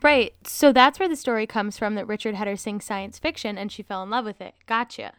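A woman's voice: mid-range voice, a bit bright, clean tone, no echo, clean studio sound. Wry woman podcast co-host. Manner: quick, wry reactions. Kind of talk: casual chat and reading quotes.

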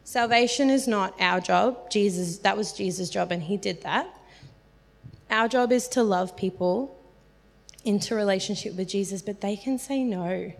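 A woman's voice: medium pitch, normal speed, vocal fry. A woman giving a casual, earnest sermon about sharing faith, talking chattily with lots of "like" fillers. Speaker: speaker teaching on evangelism. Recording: reverberant hall.

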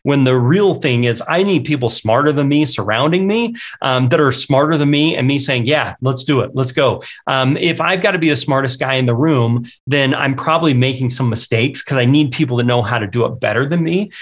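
A man's voice: mid-range voice, lively intonation, fairly quick, few pauses. A middle-aged man, a real estate investor, candidly telling stories of his own mistakes in an interview, often acting out what he said. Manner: candid, anecdotal, quotes himself often. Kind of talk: conversational interview storytelling.

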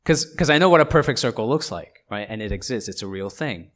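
A man with a somewhat low voice delivers a sermon. He preaches conversationally and keeps asking "right?" to check in. His phrasing is loose, with frequent restarts. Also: animated, fast talker, a bit bright. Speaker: pastor.

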